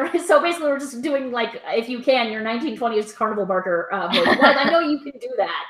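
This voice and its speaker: A woman's voice: fairly high pitch, animated, fast talker, hardly any pauses, a bit bright, roomy sound, low-quality recording. A woman co-hosting a comedy podcast, chatting playfully and swearing casually. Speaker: podcast co-host. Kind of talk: casual chat.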